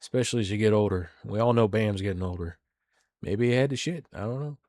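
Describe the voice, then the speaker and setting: A man's voice: fairly low pitch, quick pace, a little mellow, no echo. A man hosting a solo show, reacting off the cuff with crude, rambling jokes and mumbled asides. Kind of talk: casual reaction commentary.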